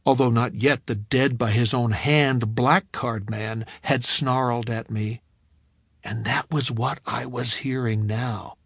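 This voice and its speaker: A man reading a novel aloud in the first person, telling the story in a measured, reflective way. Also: mid-range voice, dry recording, clean studio sound. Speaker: audiobook narrator. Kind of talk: first-person audiobook narration.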